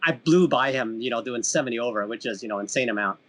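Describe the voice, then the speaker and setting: A man's voice: mid-range voice, fast talker, a bit bright. A man in his thirties from Canada hosting a casual podcast, telling a story with many restarts and self-mocking laughs. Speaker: podcast host.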